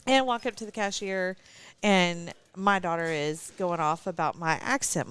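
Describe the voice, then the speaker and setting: A woman's voice: medium pitch, expressive, unhurried, smooth. A woman with a Texan country accent, co-hosting live coverage of an archery shoot in casual chat, teasing and laughing often.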